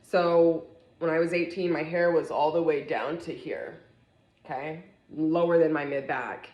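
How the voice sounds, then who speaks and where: A young woman telling a personal story in a casual vlog, animated and acting out the other people in it. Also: deep voice, measured pace, dull audio. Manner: animated, acts out quoted voices. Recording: echoey room.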